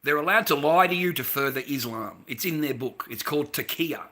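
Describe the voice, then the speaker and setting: A man's voice: fairly high pitch, animated, a little fast, sharp tone. An Australian man ranting in a casual, blunt way, swearing a lot and repeating "mate". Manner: blunt, repetitive, swearing, keeps adding "mate". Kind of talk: casual profane rant.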